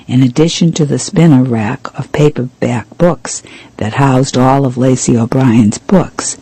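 Guy reading a mystery book out loud, mellow warm tone, steady pace. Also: medium pitch, vocal fry, slightly rough, no room sound, poor audio. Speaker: audiobook reader. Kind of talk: reading a mystery novel aloud.

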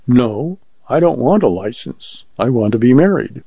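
A man voicing a huge, stubborn farmer who speaks quietly and bluntly in few words. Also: mid-range voice, animated, normal speed, gravelly, husky, dry recording. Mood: quiet insistence. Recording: muffled lo-fi recording.

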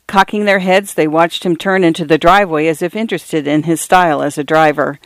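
Smooth voiced narrator reading fiction, dry close mic, measured. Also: mid-range voice, fairly even intonation, no echo. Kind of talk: scripted literary narration.

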